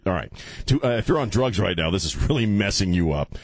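Man, talk radio host, very low voice, dry close sound, jokey and rambling. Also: expressive, fairly quick, husky, no echo. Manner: jokey, rambling, laughs often, stumbling fillers. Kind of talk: casual talk radio monologue.

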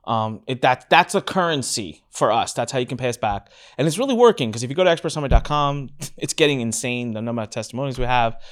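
Guy hosting a podcast, middle-pitched voice, talking frank and animated, swears casually. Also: quick pace, few pauses. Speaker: podcast host. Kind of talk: casual storytelling chat.

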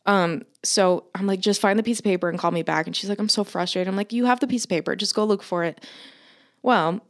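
A woman's voice: mid-range voice, steady tone, a little fast. A woman in her thirties, co-hosting a podcast, telling a long story in casual chat and swearing freely. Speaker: podcast co-host.

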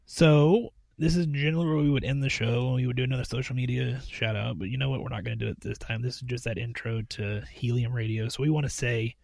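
A man's voice: medium pitch, fairly even intonation, fast talker, creaky, hardly any pauses, darkish tone, dry recording. A man co-hosting a podcast in casual chat, upbeat and laughing often. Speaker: podcast co-host.

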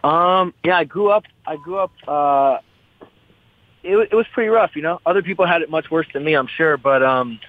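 A casual interview captures a young fighter from the US West Coast speaking at a normal pace in a slightly high voice, rambling on with repeated words and plenty of swearing. There's no room sound, though the line has a tinny, phone-like quality.

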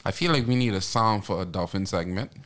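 A man's voice: deep voice, lively intonation, brisk, a bit bright. A man co-hosting a casual sports chat, dropping dry, teasing remarks. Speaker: podcast co-host.

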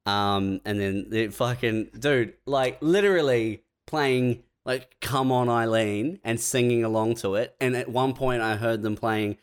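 A man's voice: mid-range voice, measured pace, hardly any pauses, smooth. A man co-hosting a comedy podcast, telling laid-back, sweary stories. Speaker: podcast co-host. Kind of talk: casual comedy podcast banter.

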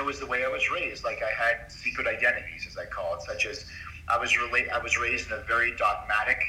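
An earnest middle-aged man speaks with a sharp, tense, very bright voice, confiding and emphatic as he opens up in conversation. He is heard from some way off the mic, and the room around him rings with echo. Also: medium pitch. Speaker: doctor as podcast guest. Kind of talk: confessional storytelling in a conversation. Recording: roomy sound from a distance off mic.

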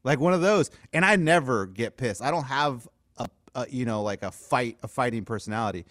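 Animated man telling stories with lively pitch. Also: brisk, no room sound, studio quality. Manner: animated storyteller, acts out quotes, laughs often. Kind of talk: casual storytelling chat.

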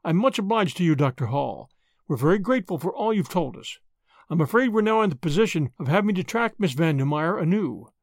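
A man reading the part of a grave, kindly older lawyer who speaks in a measured way. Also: fairly high pitch, lively intonation, gravelly, no room sound, studio quality. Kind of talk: audiobook character reading.

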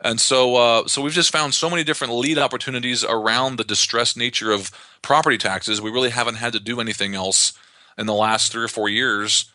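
Male real estate investor guest, quick, sharp-toned, rambling explainer. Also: mid-range voice, no room sound. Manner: fast, animated explainer with frequent restarts. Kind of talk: conversational podcast interview.

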